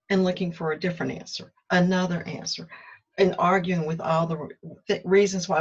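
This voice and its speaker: A woman thinks aloud on a morning walk, drifting through her thoughts in a loose, conversational way with long pauses. Her voice sits low and a little breathy. The sound is dull and lo-fi. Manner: musing, conversational, with drawn-out pauses. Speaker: meditation vlogger. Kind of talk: reflective spoken vlog. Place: outdoors on a walk.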